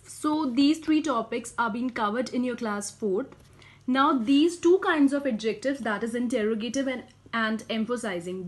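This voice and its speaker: A woman explaining grammar step by step, often pausing with "you know" and "uh". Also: fairly high pitch. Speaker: English teacher.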